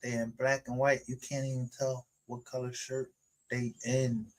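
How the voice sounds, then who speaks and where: A man's voice: medium pitch, flat delivery, moderate pace, darkish tone. A man ranting aggressively on a livestream, confrontational and full of profanity. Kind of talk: angry livestream rant.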